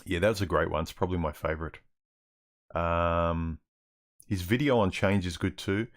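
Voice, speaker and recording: A man's voice: deep voice, normal speed. A man hosting a livestream Q&A, reading viewer questions aloud and answering them in a rambling, casual way. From Australia. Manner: rambling, restarts often, reads chat questions aloud.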